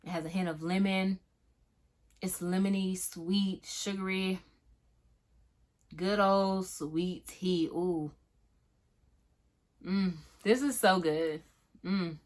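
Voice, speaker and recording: A woman's voice: on the low side, steady tone, takes it slowly, pauses often, a little mellow. A young woman from Florida with a Southern accent, chatting casually through a fragrance review with lots of "um"s and emphatic "okay?"s. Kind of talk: casual product review vlog.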